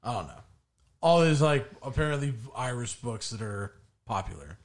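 This podcast co-host keeps a moderate pace and medium pitch as he spins animated, profane stories during a casual conversation. Swearing comes up often.

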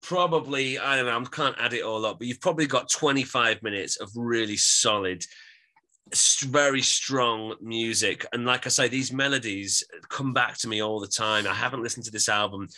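A man's voice: medium pitch, normal speed, pushed and bright. A man co-hosting a podcast, giving an opinionated, rambling album review in casual chat. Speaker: podcast co-host.

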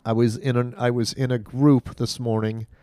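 A man's voice: medium pitch, normal speed, no room sound. A man talks on a podcast with a mid-range voice, telling stories with energy and acting out the lines of people in them. His voice is recorded close and dry, with no room sound. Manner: animated storyteller, acts out quotes. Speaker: podcast guest. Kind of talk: casual podcast chat.

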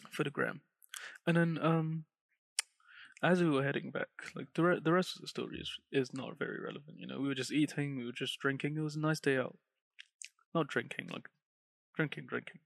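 Young man, gravelly, telling a story. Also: fairly high pitch, a little fast, no room sound. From England. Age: teens or young adult. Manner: animated storyteller, laughs often, acts out quotes. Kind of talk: casual storytelling chat.

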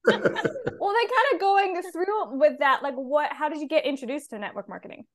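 Bubbly high-voiced woman host. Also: lively intonation, fairly quick. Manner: bubbly, gushing, playful. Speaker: podcast co-host. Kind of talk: casual interview.

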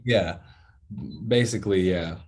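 A young American man, a musician, telling stories in a casual interview with laid-back slang and animated retelling. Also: low voice, unhurried. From United States. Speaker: musician and rapper.

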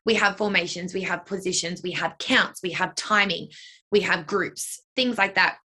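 Speaking at a normal speed, this young dance and cheer coach and choreographer has a lowish, sharp, slightly rough voice. She handles interview questions in a chatty manner, peppering her answers with "like" and "you know."

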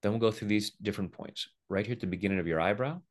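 A man's voice: on the low side, very fast. A middle-aged man explaining and demonstrating tapping with a playful manner, often acting out the voices of the people he quotes. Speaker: EFT tapping practitioner, guest.

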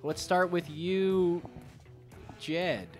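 Guy running a goofy tabletop game, slightly high voice, bits of music underneath. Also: fairly even intonation. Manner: laughing, halting, casual. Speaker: game master. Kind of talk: narrating a comedic tabletop game.

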